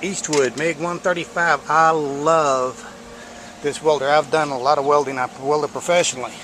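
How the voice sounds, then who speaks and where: Man, slightly high voice, blunt and folksy, casual workshop talk, noisy garage recording, air conditioner hum. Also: steady tone, normal speed, a bit bright. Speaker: home mechanic showing welding work. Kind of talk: casual hands-on workshop commentary.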